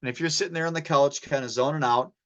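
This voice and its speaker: A man's voice: a little high, fast. A man giving an informal medical lecture as a poison control specialist, telling anecdotes and dropping slang. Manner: casual, anecdotal, sprinkles in slang.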